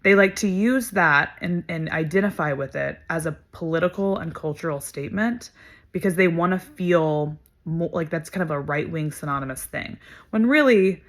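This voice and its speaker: A woman's voice: sits low, normal speed. A young adult woman vlogger telling a story to camera in a casual, emphatic way, swearing freely and using lots of fillers.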